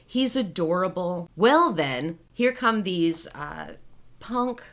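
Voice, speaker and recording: A woman's voice: fairly low pitch, expressive, slow pace, fairly bright tone. A woman in her forties, co-hosting a podcast in casual chat, with chatty storytelling. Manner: chatty storytelling, retelling film scenes. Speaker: podcast co-host.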